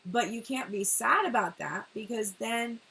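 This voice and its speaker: A woman doing a casual tarot reading, talking in an animated way, swearing and laughing often. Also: on the high side, a little slow, slightly rough, low-quality recording. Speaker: tarot reader.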